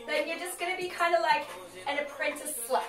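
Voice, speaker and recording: High-voiced aussie woman running a sassy workout, bit far from the mic, echoey room, loud music behind. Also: fairly even intonation, brisk. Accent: Australian. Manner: sassy, cheeky, bouncy coaching. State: moving while exercising. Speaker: fitness instructor. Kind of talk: comedic workout class livestream.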